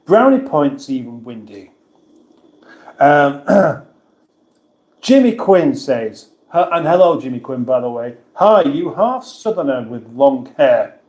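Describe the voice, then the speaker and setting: A man's voice: medium pitch, expressive, takes it slowly, a little mellow, reverberant. A man hosting a casual livestream, reading viewers' comments aloud and answering them in a chatty, self-mocking way. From England. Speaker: livestream host reading chat.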